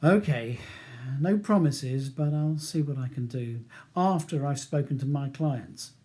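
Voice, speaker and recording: A man reading a cautious, polite male barrister in a measured, reserved way, in a storybook reading. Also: on the high side, a little mellow, natural voice. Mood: guarded.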